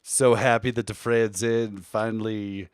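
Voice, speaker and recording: A man co-hosting a live podcast in casual chat, animated and shifting between his deeper everyday voice and a lighter, softer one. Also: unhurried, smooth, dry recording, studio quality. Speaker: podcast co-host and streamer.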